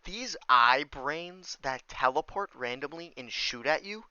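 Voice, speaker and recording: A man's voice: on the high side, expressive, a little slow, sharp tone, smooth, no echo. Swearing, exasperated young gamer guy. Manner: profane, exasperated ranting with sudden outbursts. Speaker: gaming YouTuber. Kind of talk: voice-over gameplay narration. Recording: slightly dull, dry voice-over.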